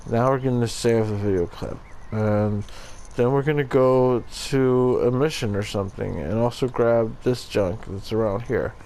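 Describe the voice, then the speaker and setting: A man's voice: medium pitch, measured pace, few pauses, dark tone, slight background noise, rough recording. A man hosting a let's play, talking in a joking, irreverent way and swearing casually. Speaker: gaming channel host.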